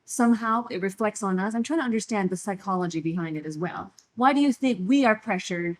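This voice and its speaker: A woman's voice: medium pitch, fairly quick. A woman co-hosting a conversation, curious and asking probing questions. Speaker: podcast co-host. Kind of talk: casual conversation.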